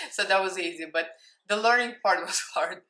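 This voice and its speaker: A woman's voice: mid-range voice, measured pace, bright, forceful tone, reverberant. A woman in her thirties with a Russian accent, chatting playfully and giggling as she hosts her own makeup tutorial. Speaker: makeup vlogger. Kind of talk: casual makeup tutorial chat.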